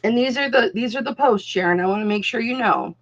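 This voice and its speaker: A woman's voice: a little high, fast talker. A woman hosting a live online jewelry auction, chatting casually and calling viewers darling, honey and doll. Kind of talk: casual live-stream selling chat. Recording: dull lo-fi sound.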